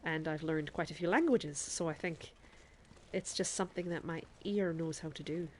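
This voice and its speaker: A chatty woman streamer with a lowish voice, talking over her gameplay in a put-on Irish lilt. She laughs easily and speaks straight to her chat between moves. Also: moderate pace, a little hiss or hum. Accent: put-on Irish accent. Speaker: game streamer. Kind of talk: live gameplay commentary.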